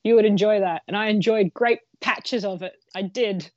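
A woman co-hosting a podcast, telling a story in a casual, animated way, laughing often and swearing freely. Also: mid-range voice, normal speed, no echo, dull audio. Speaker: podcast co-host.

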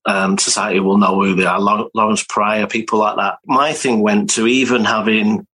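A man from England with a husky, breathy voice that sits fairly low. He talks casually over a video call, rambling through anecdotes with restarts and easy laughs. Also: level tone, normal speed, bright, forceful tone, rough recording. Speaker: guest, memorabilia collector. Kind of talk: casual conversational interview.

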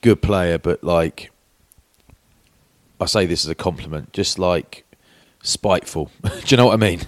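A man's voice: low-pitched, unhurried, no room sound, studio quality. A middle-aged man from England, a podcast co-host, telling candid stories in casual chat with British slang. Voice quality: British slang, says "mate" and "bloke". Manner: chatty storytelling, candid and warm toward old teammates.

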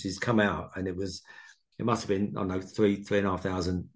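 A man's voice: low-pitched, flat delivery, quick pace. A man in his sixties, a former footballer, telling rambling anecdotes as a guest in a casual interview. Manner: rambling anecdotal storytelling, many restarts.

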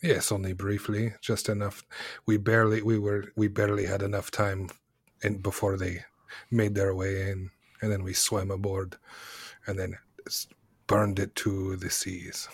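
A man's voice: low voice, completely flat delivery, a little slow, husky, dry recording. A man playing in a tabletop game, speaking in character in an earnest, hesitant way. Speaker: player. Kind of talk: tabletop role-play.

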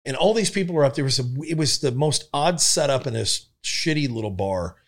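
A man, a comedian and former cop, telling stories in a casual chat, animated and laughing through them. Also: mid-range voice, a little fast. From Omaha area of Nebraska. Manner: animated, laughing through his own stories, jumping into big voices for quotes.

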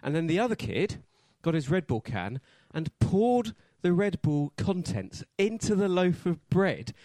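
Male co-host, dry laid-back storyteller, mid pitch, dead dry room. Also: big pitch swings, unhurried, dark tone, no echo. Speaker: podcast co-host. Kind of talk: casual chat.

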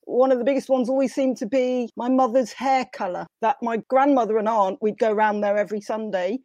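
A woman's voice: fairly high pitch, fairly even intonation, brisk, a little mellow, dry recording. A woman with a slight London accent, a guest telling self-deprecating family stories in casual chat. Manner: anecdotal, self-deprecating, quotes relatives in put-on voices.

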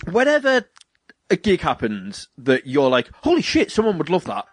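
A man's voice: on the high side, wildly swooping pitch, normal speed, slightly rough, dry recording. British man, podcast co-host, rambling storyteller, acts out quotes, dry close sound. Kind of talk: casual chat.

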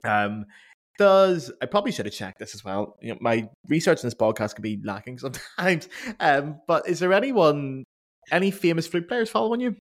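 A man hosting a podcast, an animated storyteller who swears casually. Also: a little high, moderate pace. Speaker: podcast host. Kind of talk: casual interview chat.

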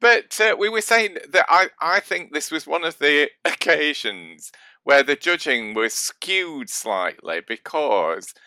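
A man's voice: fairly high pitch, lively intonation, slow pace, sharp tone, no room sound. A man co-hosting a baking podcast, chatting casually and trailing off with restarts. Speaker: podcast co-host, baker. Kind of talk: casual chat.

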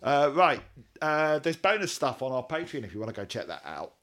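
A man's voice: medium pitch, very animated, fairly quick, fairly bright tone. A man co-hosting a podcast, chatting casually with wry, self-mocking humour. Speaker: podcast co-host. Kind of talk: casual chat.

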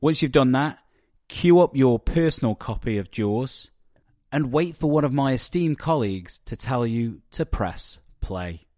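A man's voice: mid-range voice, animated, measured pace, darkish tone, no room sound, studio quality. A man, a podcast host, reading a playful, jokey intro. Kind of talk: scripted intro.

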